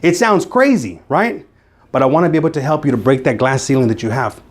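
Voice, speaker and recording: A man's voice: medium pitch, animated, brisk. A man giving a motivational speech to a live audience in a meeting room, emphatic and repeating phrases for effect. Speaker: motivational speaker.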